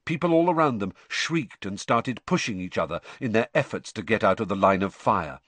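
A man reads a novel aloud in a lowish voice that rises and falls with lively expression. His pacing is measured and deliberate, and the recording is close and dry with no room sound. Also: no room sound. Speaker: audiobook narrator. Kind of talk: scripted narration.

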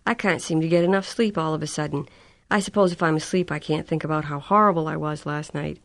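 A woman's voice: low-pitched, fairly even intonation, fast talker, no room sound. A woman reading an audiobook voices a sleepy, fretful mother with rising, anxious questions. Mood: embarrassed.

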